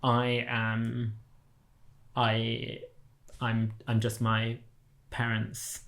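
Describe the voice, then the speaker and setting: A man's voice: medium pitch, completely flat delivery, very slow, a bit bright. A man with a posh English accent in a thoughtful, reflective conversation, often restarting sentences as he thinks aloud. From England. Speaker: artist and interviewer.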